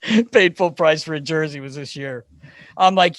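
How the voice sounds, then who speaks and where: A man co-hosting a podcast, telling animated, profane anecdotes with laughter in a casual chat. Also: fairly high pitch, normal speed, no echo. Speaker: podcast co-host. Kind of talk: casual storytelling.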